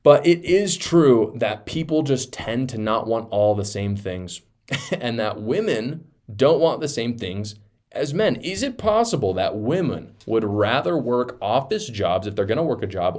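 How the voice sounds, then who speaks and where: A man giving reaction commentary on politics, animated and incredulous, laughing mid-sentence. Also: fairly low pitch, a little slow.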